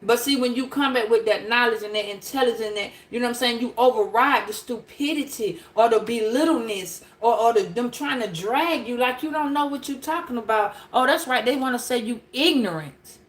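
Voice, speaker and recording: Woman, high voice, preachy live-stream spiritual message, repetitive and emphatic, roomy echo. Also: a little fast, few pauses. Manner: emphatic and preachy, repeats phrases, talks straight to viewers. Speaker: spiritual reader addressing a live chat.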